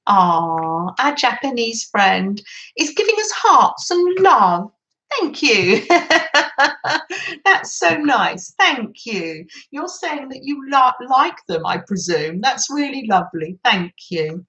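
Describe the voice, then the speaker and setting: A woman hosting a live craft stream, chatting gently with viewers, greeting them by name and laughing softly as she works. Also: a little high, sing-song, slow, poor audio. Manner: soft frequent laughter. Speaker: craft livestream host.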